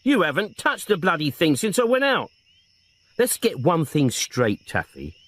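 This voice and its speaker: A man's voice: fairly high pitch, wildly swooping pitch, measured pace, a bit bright, voice pushed up, full character voice. A man voicing a lazy, irreverent male detective inspector with a sardonic, crude manner.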